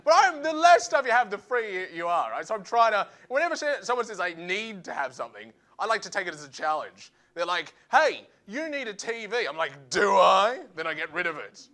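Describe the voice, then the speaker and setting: A man doing a stand-up routine, animated and acting out voices in quick asides. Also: high-pitched. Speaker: stand-up comedian.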